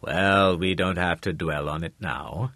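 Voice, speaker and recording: A man's voice: sits low, steady tone, unhurried, bright, forceful tone, no room sound. A man voicing a blunt, weary man in trouble, in the narrator's own voice. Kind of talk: audiobook character reading.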